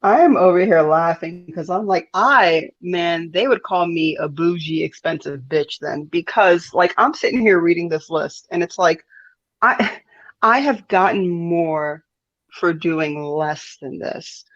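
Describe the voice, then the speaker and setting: A woman's voice: lowish voice, a little slow. A woman reacting with incredulity in casual commentary, often laughing. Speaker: panelist. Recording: dull lo-fi audio.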